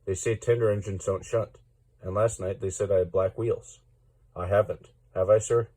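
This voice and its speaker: A man voicing a gentle, kindly engine who speaks mildly in a storybook reading. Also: fairly low pitch, fairly even intonation, moderate pace, close to an everyday voice. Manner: gentle and mild.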